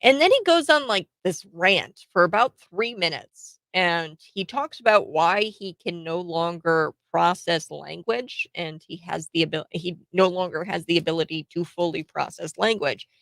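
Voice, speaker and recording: A woman's voice: on the low side, normal speed, gravelly, hardly any pauses, fairly bright tone, dry recording. A woman, hosting casual political commentary in a blunt, sarcastic way, laughing between points.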